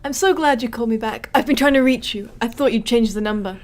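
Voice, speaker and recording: A lonely young mother, a little drunk, read out by a woman in a plain, soft, higher voice. The reading stays simple and unforced, for a text adventure game. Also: fast, lightly acted. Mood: pleading.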